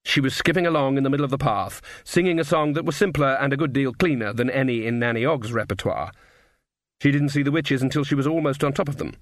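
A man narrating a fantasy novel with wry, measured storytelling. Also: mid-range voice, no room sound. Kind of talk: audiobook narration.

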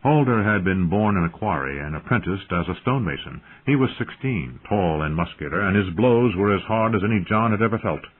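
Low, husky male audiobook narrator. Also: animated, brisk, hardly any pauses. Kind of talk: scripted narration. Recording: tinny phone-like audio.

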